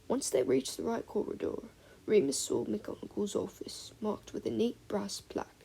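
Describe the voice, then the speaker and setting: A woman reading a fan-fiction audiobook aloud, expressive storytelling with soft breathy passages. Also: mid-range voice, rough recording. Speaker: audiobook reader.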